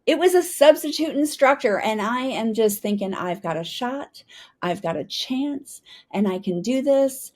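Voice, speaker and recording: Animated woman telling her story. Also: fairly high pitch, unhurried. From United States. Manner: animated storyteller, often adds "right?". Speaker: guest, retired Army helicopter pilot. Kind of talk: storytelling interview.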